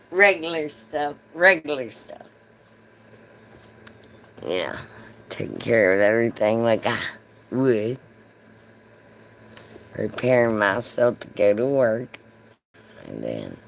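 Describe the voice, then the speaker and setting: A woman with a strikingly deep, low voice tells a story casually on a livestream. She talks slowly and unhurriedly, swearing freely and breaking into laughter often. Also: a little hiss or hum, poor audio. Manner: chatty, profane, laughing often.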